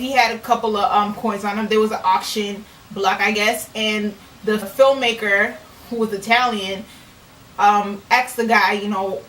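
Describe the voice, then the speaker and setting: A woman's voice: medium pitch, fairly bright tone. A woman vlogger speaking in an earnest, rambling way, giving casual on-camera commentary. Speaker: author and vlogger. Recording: echoey room, distant mic, faint noise.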